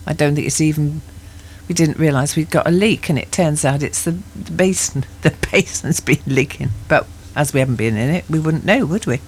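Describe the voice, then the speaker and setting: A woman's voice: low-pitched, normal speed, a little hiss or hum. Giggly, mock-indignant woman on radio. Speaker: radio co-presenter. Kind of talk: casual radio chat.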